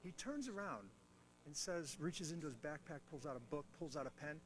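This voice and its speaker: A man's voice: on the high side, moderate pace, a little hiss or hum. A man giving a motivational talk on mentoring to a military audience, telling stories with playful asides and teasing humor. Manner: animated storytelling with self-mocking asides. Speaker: guest speaker on mentoring.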